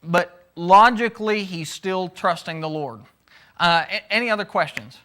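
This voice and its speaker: Male Bible teacher with a high, bright voice. Conversational, takes questions, acts out the people he quotes. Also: a little slow, slight background noise.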